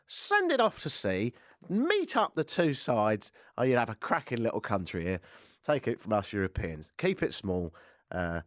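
A British radio host in his forties delivers a rambling, self-deprecating casual monologue. His voice is on the low side, captured as clean, echo-free studio sound.

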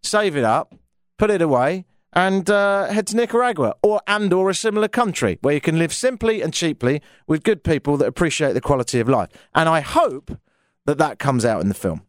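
Lively British man, wry radio rant. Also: fairly high pitch, fairly quick, no echo, studio quality. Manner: wry, storytelling, exasperated asides. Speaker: radio talk show host. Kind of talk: rambling talk radio monologue. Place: radio studio.

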